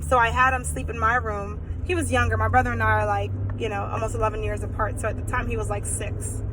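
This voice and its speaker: A young woman telling a personal story on her vlog in a chatty, animated way, full of fillers. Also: on the high side, slight background noise, poor audio. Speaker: vlogger.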